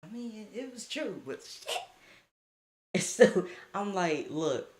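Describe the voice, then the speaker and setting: A young man telling a casual storytime tale in a lively, slangy way, laughing as he goes. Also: sits high, slow pace, a little hiss or hum.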